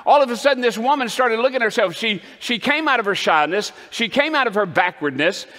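A man preaching a rousing sermon as pastor in a church, calling the congregation to say amen and building to shouts. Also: very high-pitched, animated, brisk, long reverb tail. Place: church sanctuary.

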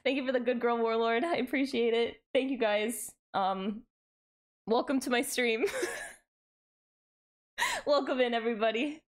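A young woman streaming a game, chatting casually and excitably with her chat, giggling often. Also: on the high side, unhurried, pauses often.

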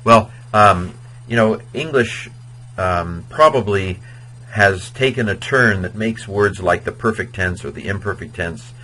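A man with a low, husky voice gives a casual grammar lesson. He talks in a chatty, wandering way with lots of fillers and now and then chants word endings in a sing-song beat. His tone is bright and forceful. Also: unhurried, rough recording. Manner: chatty and digressive, with many fillers. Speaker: Latin teacher. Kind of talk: informal video lecture on grammar.

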